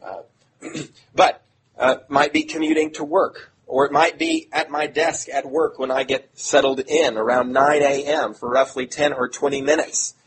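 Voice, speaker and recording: A man's voice: mid-range voice, steady tone, a little slow. Earnest middle-aged man preaching, noisy recording. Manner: earnest, conversational, self-deprecating asides. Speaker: pastor. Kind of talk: sermon. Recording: audible background noise.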